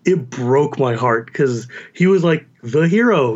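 An American man with a Californian accent, a guest chatting casually and animatedly, with quick asides and laughs. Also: medium pitch, lively intonation, lo-fi sound. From United States. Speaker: podcast guest. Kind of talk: casual chat.

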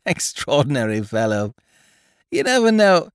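Guy putting on a jumpy young gentleman, pitch shooting up, all eager outbursts. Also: wildly swooping pitch, moderate pace, smooth, no echo, clean studio sound. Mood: jovial. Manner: bright, eager exclamations, flustered outbursts. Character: excitable young gentleman, flustered and jovial.

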